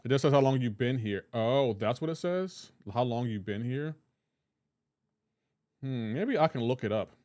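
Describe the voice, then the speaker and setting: A man's voice: medium pitch, lively intonation, normal speed, pauses often, darkish tone, no echo, studio quality. A man hosting a live game stream in casual chat, reading out viewers' names and messages and teasing them about how words are said. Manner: chatty and joking, reads out chat names and comments; playful teasing about pronunciation.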